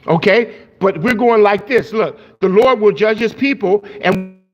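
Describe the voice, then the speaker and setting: A man preaching a sermon in a church, his voice sitting notably high for a man. He talks emphatically and gets excitable, jumping higher in pitch when he drives a point home. He speaks into a handheld microphone. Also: unhurried, muffled recording, over music.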